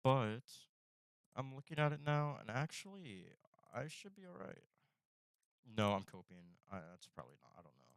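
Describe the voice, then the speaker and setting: A young man streaming from home, talking to himself in a quiet, self-deprecating, mumbling way while studying, with a retainer in his mouth. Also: medium pitch, sing-song, moderate pace, clean tone, no room sound. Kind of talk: casual live-stream chatter while studying. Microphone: desk streaming microphone.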